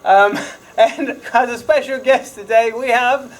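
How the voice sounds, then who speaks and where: A man's voice: very high-pitched, fairly even intonation, measured pace. Chatty male school podcast host. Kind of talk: casual podcast hosting. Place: school library lounge.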